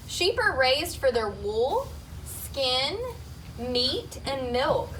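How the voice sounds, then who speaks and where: A woman reading a Bible lesson about shepherds to children in a steady, informative way. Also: sits high, far from the mic. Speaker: Bible story teacher. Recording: set back from the mic, clear background noise.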